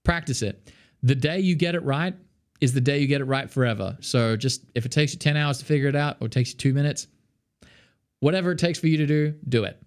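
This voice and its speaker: A man's voice: mid-range voice, a little fast. A young Australian man with an Australian accent, teaching singing in a casual, chatty way full of fillers. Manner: chatty, lots of fillers, sings demonstrations. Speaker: vocal coach. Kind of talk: casual vocal lesson.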